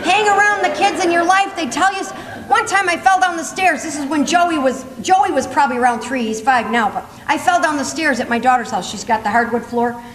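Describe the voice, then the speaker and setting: An older woman giving a humorous, animated motivational talk, often laughing as she tells her stories. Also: high voice, a little fast. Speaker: motivational speaker. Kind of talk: humorous storytelling speech. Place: conference hall. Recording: echoey hall with faint room noise.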